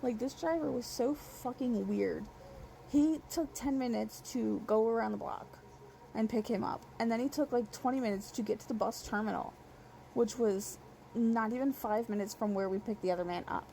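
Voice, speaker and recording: A woman's voice: on the high side, normal speed, vocal fry, mellow, a little hiss or hum, low-quality recording. A young woman telling a rideshare story in a casual, exasperated rant, full of swearing and run-on sentences.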